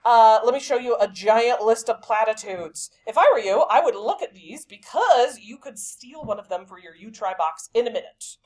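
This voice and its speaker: Woman teacher, pitch a touch high, very animated delivery, chatty and emphatic classroom lesson. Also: normal speed, hardly any pauses.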